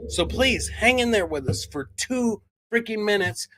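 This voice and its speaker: A middle-aged man co-hosting a podcast, telling a true-crime story in a loud, profane, jokey way. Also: high voice, expressive, a little slow. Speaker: podcast co-host. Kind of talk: casual true-crime chat.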